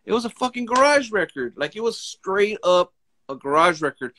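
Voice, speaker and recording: A man's voice: high voice, big pitch swings, moderate pace, bright, forceful tone, slight background noise. Laid-back male DJ co-host. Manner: laid-back, enthusiastic storytelling. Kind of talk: casual chat.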